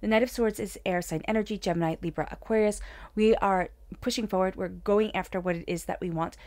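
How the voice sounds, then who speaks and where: A woman doing a tarot reading in a soft, soothing, upbeat manner. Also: medium pitch, steady tone, brisk. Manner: soft, soothing and upbeat, with whispered meditation passages. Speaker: tarot reader.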